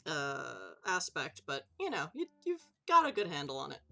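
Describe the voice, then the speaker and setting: A woman's voice: deep voice, wildly swooping pitch, moderate pace, creaky, pushed and bright, soft background music. Chatty woman running a tabletop game. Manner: chatty, loose, swears casually, laughs often. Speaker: game master.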